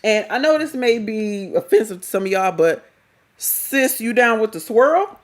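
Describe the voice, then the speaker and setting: A woman's voice: fairly high pitch, lively intonation, moderate pace. A middle-aged woman, giving blunt, slangy, scolding reaction commentary as a vlogger.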